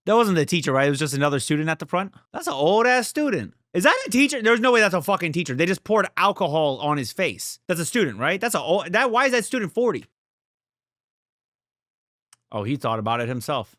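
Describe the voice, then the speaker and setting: A man's voice: sits high, very animated, a little fast, fairly bright tone, no echo, clean studio sound. A young man hosting a reaction video, talking casually, blunt and profane, often swearing and getting worked up. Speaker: reaction channel host.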